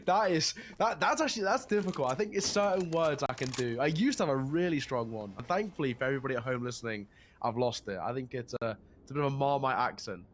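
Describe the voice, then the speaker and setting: A man's voice: medium pitch, expressive, fast, a little hiss or hum. A man with a cold, sounding nasal, casting an esports match in a chatty way, laughing easily and often restarting his sentences. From England, born in South Africa. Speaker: esports caster. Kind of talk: esports commentary.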